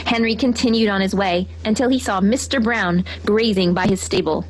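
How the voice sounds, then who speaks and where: A woman reading a children's picture book aloud in an expressive, lively storytelling manner. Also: medium pitch, normal speed, few pauses, slight background noise, low-quality recording. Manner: expressive, lively read-aloud with character voices.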